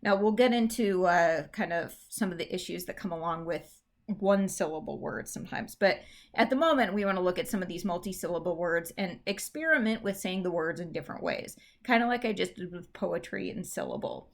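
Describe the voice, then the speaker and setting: A woman English teacher talks through a recorded lesson in a casual, chatty way, scattering fillers as she goes. Her voice sits a little low, and she leans hard on stressed syllables to show how words are said. Now and then she slips in a dry, self-mocking joke. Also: vocal fry. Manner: exaggerates word stress to demonstrate. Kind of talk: recorded class lecture.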